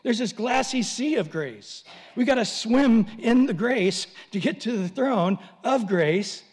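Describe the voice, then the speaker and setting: A man's voice: extremely high pitch, expressive, unhurried, big-room sound. A man preaching a sermon, telling a story animatedly and acting out voices.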